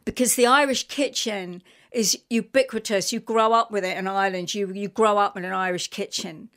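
A middle-aged woman from London, a writer talking as a guest in an interview, earnest and emotional, rushing on in long run-on sentences. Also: mid-range voice, steady tone, fairly bright tone. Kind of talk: radio interview conversation.

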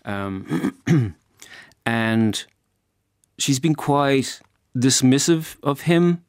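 Man calmly explaining, dry sound. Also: medium pitch, extremely slow, clear, resonant tone, no echo. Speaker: actor. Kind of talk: radio interview.

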